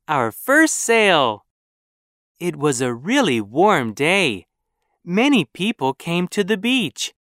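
Slow, careful storybook narrator. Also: mid-range voice, sing-song, fairly bright tone, dry recording, studio quality. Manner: clear, careful and measured. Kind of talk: storybook reading for learners.

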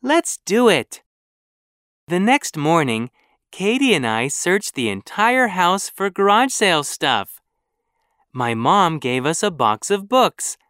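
A narrator reading a children's story aloud in a clear, careful, measured way. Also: medium pitch, a bit bright, no room sound, studio quality.

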